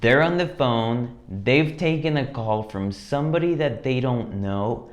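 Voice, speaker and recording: A man walks through phone sales scripts in a direct, confident way. His voice sits at an ordinary middle pitch, and he slips into short sample phone lines as he teaches. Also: a little slow. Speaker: sales coach. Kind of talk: instructional talk.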